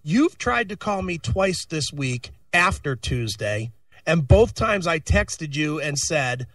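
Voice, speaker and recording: A man's voice: a little high, very animated, takes it slowly, a bit bright, dry recording, clean studio sound, far from the mic. A man co-hosting a casual radio talk show, recounting a personal story with swearing, just getting over an illness. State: recovering from illness. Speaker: co-host.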